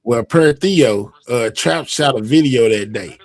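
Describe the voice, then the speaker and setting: A man's voice: medium pitch, animated, a little slow, a little mellow. A man hosting a live stream, chatting casually and reading out viewer comments, rambling with many fillers and restarts. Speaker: livestream host.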